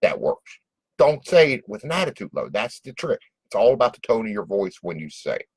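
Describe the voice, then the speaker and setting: Man, lowish voice, dry close sound, folksy coach acting out customer calls. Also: very animated, fairly quick, slightly rough, no echo, poor audio. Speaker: small business coach. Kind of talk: casual advice monologue.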